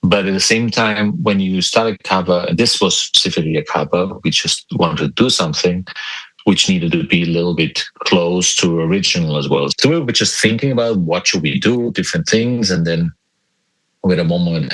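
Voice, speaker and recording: A man as a podcast guest, chatting casually in a joking, halting way with many restarts. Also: sits low, a bit bright, no room sound, poor audio. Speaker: guest guitarist. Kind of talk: casual interview chat.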